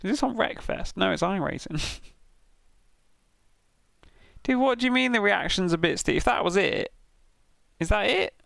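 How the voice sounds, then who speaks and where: Gravelly, sweary British man. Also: sits high, animated, normal speed, pauses often, a bit bright, no room sound, clean studio sound. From Britain. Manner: sweary, rambling banter with frequent laughs. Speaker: streamer. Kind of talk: casual commentary reviewing racing incident clips.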